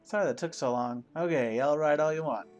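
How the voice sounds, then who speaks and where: A man's voice: on the high side, a little fast, faint music behind, close to an everyday voice. A man reading a folksy ranch hand. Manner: folksy, calls the listener bud. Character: gruff adult male ranch hand, friendly.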